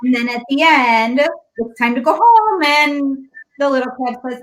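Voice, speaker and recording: A woman librarian guest in a casual chat, describing a book with animated storytelling. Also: high voice, a little slow, rough recording. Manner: animated storytelling, acts out lines.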